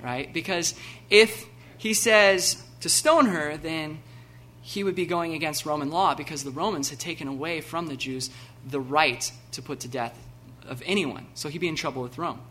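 A man preaching a sermon, animated and laughing, acting out the scenes with sudden loud bursts. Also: on the high side, normal speed, a little hiss or hum. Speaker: pastor.

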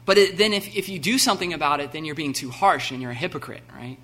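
A man preaching a sermon, animated and laughing, acting out the scenes with sudden loud bursts. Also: a little high, quick pace. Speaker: pastor.

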